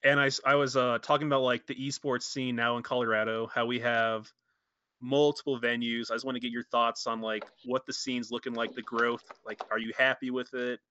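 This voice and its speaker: A man's voice: medium pitch, a little fast, no echo. A man hosting a casual streamed chat show, telling stories with lots of swearing and acting out what people said. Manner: animated, swearing storyteller who acts out quotes. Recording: dull lo-fi stream audio, dry.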